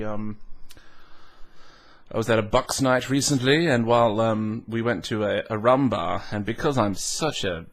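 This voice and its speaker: Rambling man musing over a tasting. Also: mid-range voice. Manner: musing, rambling, self-mocking, with hums and restarts. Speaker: whisky reviewer. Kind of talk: casual tasting vlog.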